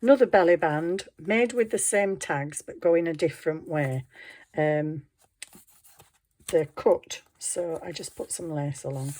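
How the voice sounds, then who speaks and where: A middle-aged woman talks casually through her handmade work. Her voice sits a little on the low side, and she giggles and pokes fun at herself as she goes. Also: measured pace, darkish tone. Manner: chatty, giggly, self-deprecating. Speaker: craft vlogger. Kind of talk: casual show-and-tell narration.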